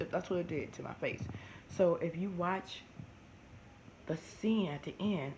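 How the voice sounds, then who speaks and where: A woman, chatting animatedly to camera and often restarting her sentences. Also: lowish voice. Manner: animated, talks fast with many restarts. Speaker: vlogger. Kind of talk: casual chat to camera. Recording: noisy home recording.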